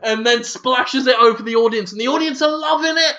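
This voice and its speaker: A man with a high, gravelly voice spins an absurd improvised story on a podcast, rambling and checking in with his co-host as he goes. His tone is bright and sharp. The audio sounds dull and lo-fi. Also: a little fast. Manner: rambling, punctuated with "right?".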